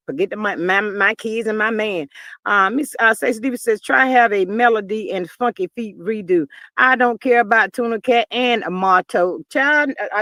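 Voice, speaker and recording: On a livestream computer mic with a dry recording, a woman whose voice is on the high side and a bit bright hosts a casual gossip stream. She reads the chat aloud, drawling and chatty, calling everyone "child."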